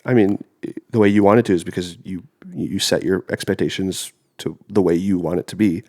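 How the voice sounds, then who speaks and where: A congested young man in his twenties, nursing a cold, co-hosts a podcast in a low, brisk, slightly mellow voice. He rambles casually, his speech heavy with filler.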